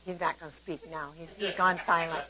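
An older woman giving a casual devotional Bible teaching, conversational and animated as she explains verses and tells stories from her own life. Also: on the low side, rough recording. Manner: conversational and animated, shifting between warm explanation and lively retelling.

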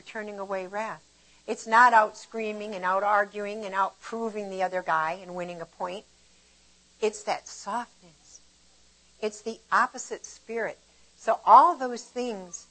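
Older female Bible teacher, relaxed and talky, animated storyteller in a casual devotional lesson. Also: mid-range voice, poor audio. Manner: conversational and animated, shifting between warm explanation and lively retelling.

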